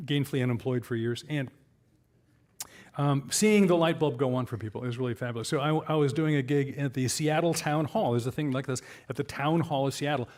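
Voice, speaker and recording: A man's voice: medium pitch, darkish tone. An older man telling anecdotes at a live event, acting out the people he quotes. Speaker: co-author and speaker. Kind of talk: storytelling at a live talk.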